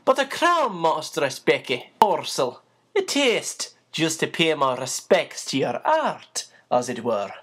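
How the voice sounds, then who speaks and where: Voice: medium pitch, big pitch swings, slow, fairly bright tone, husky, heavily acted. A reader voicing a small, good-humoured old sailor man who talks in a hearty, genial way.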